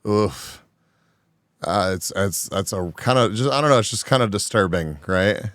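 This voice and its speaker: Low smooth-voiced hesitant man. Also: animated, normal speed, fairly bright tone, no room sound, studio quality. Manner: hesitant, profane. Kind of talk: casual chat.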